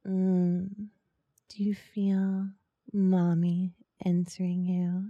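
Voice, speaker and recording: A woman in whispered role-play, speaking softly and coaxingly, with teasing murmurs close to the microphone. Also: fairly low pitch, completely flat delivery, dry recording, highs cut off. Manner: soft, slow, coaxing and teasing, with breathy murmurs. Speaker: ASMR role-play performer.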